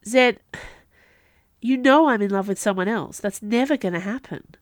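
A woman's voice: mid-range voice, moderate pace, dry recording, clean studio sound, pitched above the performer's own voice, natural voice. A woman voicing a young male prince who is earnest and worried, asking urgent questions. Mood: firm.

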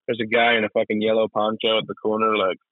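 A man's voice: fairly low pitch, completely flat delivery, quick pace. A young man chats loosely as a podcast co-host, swearing freely and laughing often. His voice comes through thin and phone-like. The sound is dry and close, with no room echo. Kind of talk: casual chat.

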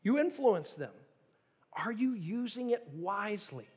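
A man's voice: sits high, lively intonation, a little slow, a little mellow, breathy edge. A middle-aged man preaching a sermon as pastor, telling stories earnestly and building to emphatic, repeated appeals. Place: church sanctuary. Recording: long reverb of a large hall.

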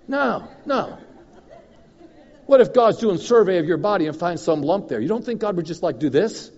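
A man preaching as a guest minister, telling a story in an animated way that swings from loud and emphatic to low and confiding. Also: normal speed. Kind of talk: storytelling sermon. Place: church hall. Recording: dull recording in a reverberant hall.

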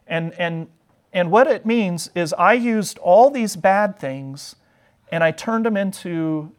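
A man's voice: high-pitched, slow pace. A man teaching an adult Sunday school class, retelling a Bible story in a chatty, joking way.

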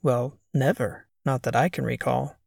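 A man reading the lines of a brisk, teasing young woman who is in charge, in a dry, matter-of-fact way. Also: mid-range voice, vocal fry, a little mellow, husky, dry recording, heavily acted. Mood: wry matter-of-fact. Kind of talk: audiobook character voice.

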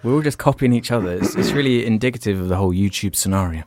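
A man's voice: lowish voice, very fast, noisy background. A man hosting a casual podcast over an online call, teasing his co-hosts and swearing freely. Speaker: podcast host.

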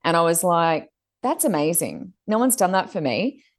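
An Australian woman co-hosting a casual chat, telling stories animatedly and mimicking others with big pitch jumps. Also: very animated, moderate pace. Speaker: co-host.

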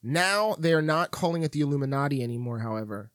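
A man's voice: on the high side, expressive, fast, dry recording, clean studio sound. A man on a podcast casually explaining conspiracy theories in a matter-of-fact way. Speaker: podcast co-host.

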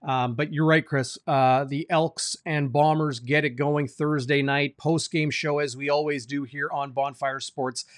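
A man's voice: fairly high pitch, level tone, a little slow, few pauses, no echo, studio quality. Man hosting with long winding questions. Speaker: sports reporter, host. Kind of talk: sports show hosting.

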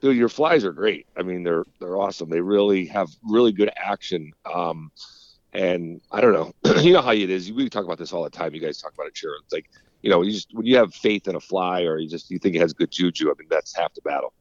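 Low-voiced fishing guide, rambling. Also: male voice, a little fast, no room sound, muffled recording. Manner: rambling, relaxed, swears casually. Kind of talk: casual phone interview. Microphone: phone call.

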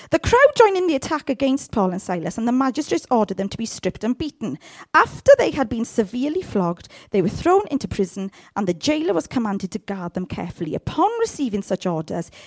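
A woman preaching a sermon and reading scripture, often checking in with her congregation. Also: a little high. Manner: animated, asks the congregation for responses. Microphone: handheld mic.

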